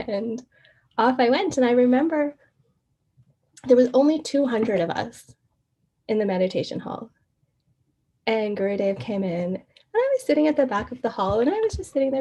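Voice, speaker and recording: Warm-voiced woman telling a lively story. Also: fairly high pitch, moderate pace, long pauses. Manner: animated, laughs often, acts out quoted exchanges. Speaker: guest. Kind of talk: casual storytelling interview.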